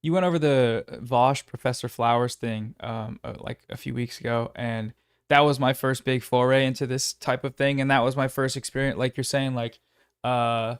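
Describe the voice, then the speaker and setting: A young man, a guest in a casual chat, speaking haltingly with many fillers and restarts. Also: medium pitch, fairly even intonation, clear, resonant tone, no room sound, studio quality. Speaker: guest YouTuber.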